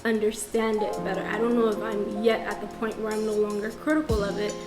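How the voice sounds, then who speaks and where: A woman's voice: mid-range voice, level tone, a little fast. A young woman from the diaspora talking straight to camera in a reflective vlog, frank and self-questioning, restarting her sentences as she thinks aloud. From Nigerian diaspora. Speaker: vlogger. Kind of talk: reflective casual vlog monologue. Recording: echoey room with faint music.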